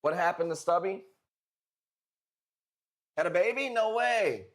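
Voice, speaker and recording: A man's voice: high voice, animated, unhurried. A man streaming live, chatting casually with viewers and joking in a brash, profane way.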